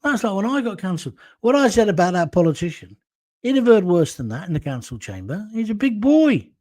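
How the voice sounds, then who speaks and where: Chatty blunt British man, fairly high voice. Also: very animated, fairly quick, darkish tone, no echo. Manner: chatty, blunt, jokey, reads viewer comments. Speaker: show host. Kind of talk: casual solo commentary.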